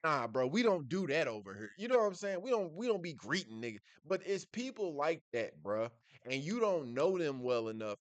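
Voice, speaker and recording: A man's voice: on the high side, big pitch swings, normal speed, few pauses, dry recording. A man hosting a reaction video, talking in casual, blunt slang full of profanity, with "bruh" after nearly every thought. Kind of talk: casual commentary reacting to a clip.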